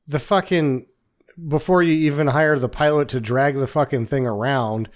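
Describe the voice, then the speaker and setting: A man chatting about a bad movie on a podcast, easygoing and profane, with a mid-pitched, ordinary voice. He riffs on the film with his co-hosts. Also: normal speed. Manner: laid-back, profane asides. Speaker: podcast co-host. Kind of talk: casual movie-recap chat.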